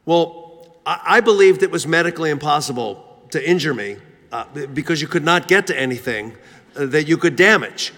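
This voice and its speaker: Self-mocking preacher in a reverberant hall. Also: male voice, fairly high pitch, animated, normal speed, bright, forceful tone. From Philadelphia. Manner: self-deprecating, comic timing, frequent fillers and restarts. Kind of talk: humorous sermon storytelling.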